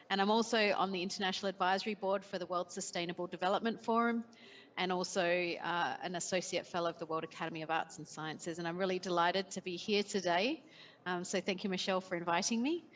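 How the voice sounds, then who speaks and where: Australian woman CEO, low-ish pitch, composed panel intro.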